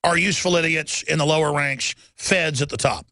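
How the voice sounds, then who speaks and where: A man's voice: fairly high pitch, brisk, sharp tone, no room sound. A man hosting a talk radio show, ranting urgently and emphatically, firing off lists. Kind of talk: political rant monologue.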